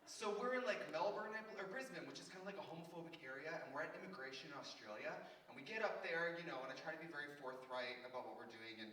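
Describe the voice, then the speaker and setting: A man's voice: on the high side, fast talker, few pauses, pushed and bright. A man performing in drag, chatting and telling campy stories to a live audience, slipping into quoted voices. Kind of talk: live stand-up banter. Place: festival theater stage before an audience. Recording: echoey, distant, noisy live room recording. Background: audience laughter.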